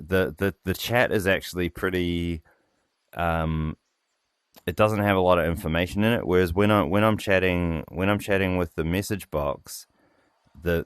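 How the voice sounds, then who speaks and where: A man developer explaining a voice API demo in a casual work meeting, hesitant with lots of pauses and fillers. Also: low voice, clean tone, no room sound, clean studio sound.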